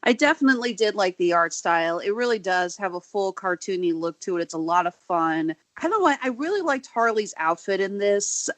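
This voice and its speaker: A woman's voice: mid-range voice, expressive, brisk, few pauses, fairly bright tone, no echo. A woman who is a guest on a casual comic book podcast, talking in a thoughtful and detailed way.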